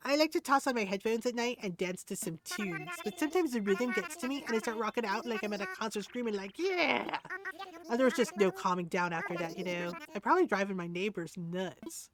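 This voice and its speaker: A night-owl punk tabby cat villager from a cozy life-sim game, chatting away about loud music, read aloud by a woman. The voice sits at a medium pitch and stays close to an everyday speaking voice. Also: lively intonation, a little fast, crowd noise, lightly acted. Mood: chatty. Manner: chatty, reading dialogue aloud.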